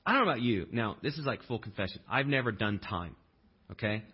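A male pastor delivering a sermon in a relaxed, conversational way, with humorous asides and acted-out quotes. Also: fairly low pitch, fast, breathy edge, highs cut off.

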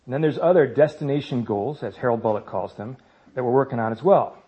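A man's voice: mid-range voice, fairly quick. A man in his thirties speaking to a church congregation about parenting, in a conversational way with self-mocking humor. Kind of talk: church talk. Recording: slightly dull lo-fi sound.

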